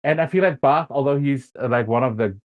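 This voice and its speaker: A man with a German accent, a guest in a casual interview, speaking thoughtfully with frequent pauses and fillers. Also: medium pitch, phone-quality sound.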